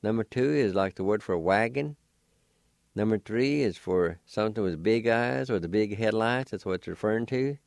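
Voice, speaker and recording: A man hosting a language lesson, slowly spelling out letters and sounding out syllables for listeners. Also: lowish voice, gravelly, darkish tone, no room sound, studio quality. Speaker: language teacher and show host.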